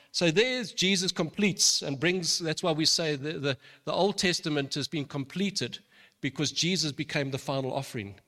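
Guy preaching in a church hall, earnest, kinda high voice, lots of echo. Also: sharp tone. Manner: earnest, repeats words when restarting. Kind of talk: sermon. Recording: long reverb of a large hall.

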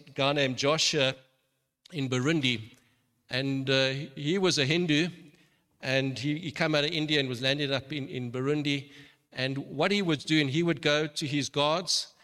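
A man's voice: a little high, sharp tone. A man preaching a sermon in an earnest way, often restarting and repeating words. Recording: long reverb of a large hall.

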